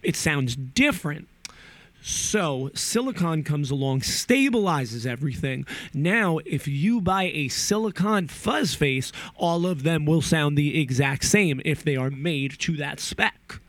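Young guy cussing and rambling bout guitar pedals, kinda high voice, dead dry audio. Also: measured pace, no room sound. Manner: profane, animated, rambling. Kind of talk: casual rambling vlog.

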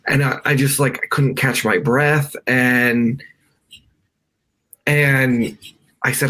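A man's voice: mid-range voice, steady tone, drawn-out words, pauses often, pushed and bright. A man from the United States, a guest on a podcast, tells his story in a loose, conversational way that is full of "like" and restarts. He is speaking from his bedroom over a video call. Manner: emotional, many fillers and restarts.

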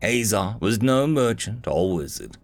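A man narrating a fantasy novel as an audiobook, in an expressive storytelling reading. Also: on the low side, measured pace, faint music behind.

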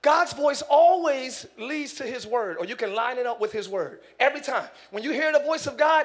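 High-voiced man preaching a lively sermon. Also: moderate pace. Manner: animated preaching, acts out voices, shouts for emphasis. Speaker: pastor. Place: church sanctuary.

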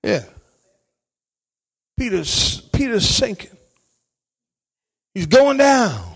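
A man preaching as a pastor, calling out to his congregation and swinging between shouted lines and quiet asides. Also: high-pitched, huge pitch swings, very slow, gravelly, breathy edge. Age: adult, married parent. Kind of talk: sermon.

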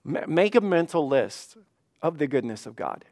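A male pastor preaching a sermon, his voice sitting a bit higher than most men's. He talks earnestly and repeats words as he builds each point. On the key lines he slows right down and goes softer. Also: sing-song.

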